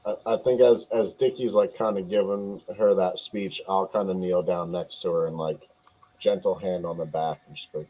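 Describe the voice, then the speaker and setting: A man playing his character in a tabletop game, speaking gently and softly. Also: low voice, steady tone, normal speed, slight background noise, poor audio. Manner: gentle, soft-spoken. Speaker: player. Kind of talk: in-character tabletop role-play.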